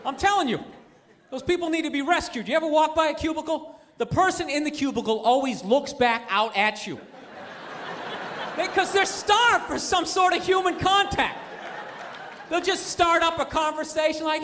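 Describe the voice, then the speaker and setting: A man's voice: high-pitched, expressive, quick pace, crowd noise. A man doing a stand-up comedy set, ranting sarcastically and acting out characters in asides. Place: live comedy venue with audience. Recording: noisy live club recording.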